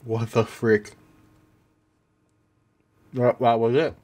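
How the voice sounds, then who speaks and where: A man's voice: medium pitch, little pitch movement, drawn-out words, a little mellow. A man commentating a horror game as a gaming YouTuber, reacting jumpily with repeated exclamations. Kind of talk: let's play commentary. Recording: game music playing behind the voice.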